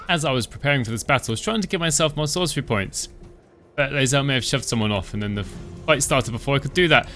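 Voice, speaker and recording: Guy casually talking through his game, bright crisp voice, soft music under it. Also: mid-range voice, quick pace. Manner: relaxed, chatty, thinking aloud. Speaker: gaming channel host. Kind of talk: casual gameplay commentary.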